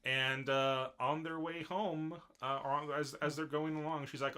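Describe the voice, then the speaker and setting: Man, bright forceful voice, casual podcast chat, rambling, lots of fillers. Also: a little high, steady tone, moderate pace, smooth. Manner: rambling, full of fillers and restarts. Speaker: podcast co-host. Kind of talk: casual chat recapping an anime.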